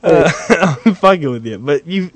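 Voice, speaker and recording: A man's voice: on the high side, expressive, unhurried. Laid-back male radio host. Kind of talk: late-night comedy radio banter.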